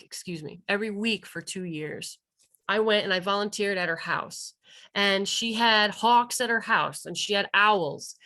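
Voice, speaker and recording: A woman gives a continuing education talk as a wildlife rehabilitator. Her voice is bright and crisp. She tells her story with animation and acts out the other people's lines. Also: medium pitch. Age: 30s. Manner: lively storytelling, acting out quoted dialogue. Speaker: wildlife rehabilitator and vet tech presenter.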